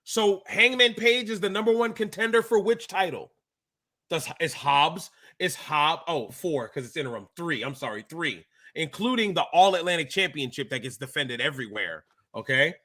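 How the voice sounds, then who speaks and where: A man with a bright, forceful voice pitched a little high rants as a worked-up fan. He co-hosts a podcast in casual chat, and his talk is emphatic and exasperated. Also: expressive, moderate pace. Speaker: wrestling podcast co-host.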